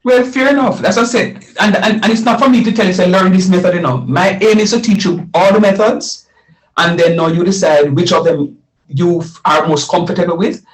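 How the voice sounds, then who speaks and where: A man's voice: sits high, brisk, poor audio. A middle-aged man teaching a live math lesson, repeating phrases and quizzing his students as he explains.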